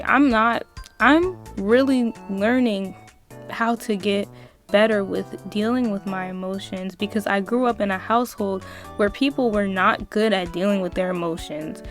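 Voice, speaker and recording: A young adult woman vlogging a passionate motivational monologue, emphatic and repetitive, with casual swearing. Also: mid-range voice.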